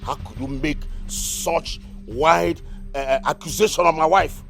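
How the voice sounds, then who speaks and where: An actor with a Nigerian accent playing a middle-aged husband who sternly questions and scolds. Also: male voice, a little high, a little slow, creaky, a bit bright. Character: husband trying to settle a family quarrel. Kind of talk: Nollywood film acting. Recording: film dialogue with faint music.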